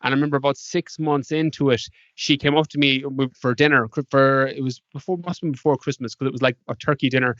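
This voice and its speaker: A man's voice: medium pitch, fairly even intonation, fast talker, few pauses, fairly bright tone, no echo. An Irish man, a podcast guest, telling stories in a casual interview and acting out past conversations with animation. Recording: dull lo-fi dry sound.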